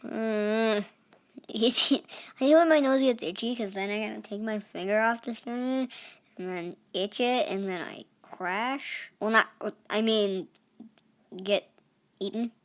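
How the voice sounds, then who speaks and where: A woman's voice: fairly high pitch, measured pace. A young woman giving casual, chatty commentary over a phone game, reacting with playful exclamations. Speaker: gaming channel host.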